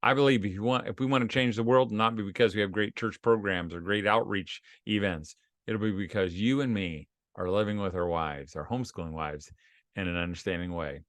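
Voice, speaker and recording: A man's voice: on the low side, brisk, fairly bright tone, no echo. A middle-aged man hosting a short advice series for fathers, telling folksy, self-deprecating stories from his own family life. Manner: folksy and self-deprecating, acts out quoted voices. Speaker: host of a homeschooling tips series for dads. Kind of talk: casual advice talk with personal stories.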